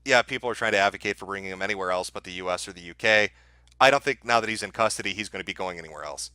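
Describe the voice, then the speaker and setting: A man's voice: deep voice, very fast, pushed and bright, clear, resonant tone, no echo. A man hosting a livestream, ranting angrily with a lot of swearing about the topic he's covering. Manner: profane, angry, ranting. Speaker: livestream host. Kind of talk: heated livestream rant.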